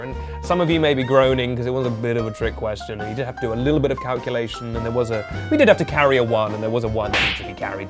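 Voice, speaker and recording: A man hosting a comedic YouTuber news show, delivering absurd jokes deadpan. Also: medium pitch. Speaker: host.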